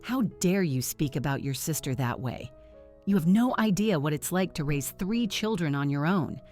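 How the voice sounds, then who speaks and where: A woman's voice: sits low, expressive, normal speed, a little mellow, faint music behind. A woman reading a scolding, impatient mother. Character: impatient, favoring middle-aged mother.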